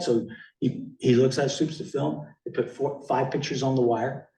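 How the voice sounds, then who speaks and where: Older guest speaker, rambling and chuckling, mid-pitched voice, far-off echoey hall sound. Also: male voice, fairly even intonation, normal speed, vocal fry, dark tone. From Miami. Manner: rambling, many fillers, chuckling often. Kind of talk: casual talk presenting slides. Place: meeting hall with audience.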